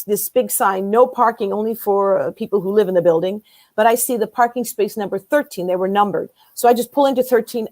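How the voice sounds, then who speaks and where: Animated woman telling a story. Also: medium pitch, dry recording. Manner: animated storyteller who acts out quoted dialogue. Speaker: guest. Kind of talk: casual storytelling in an interview.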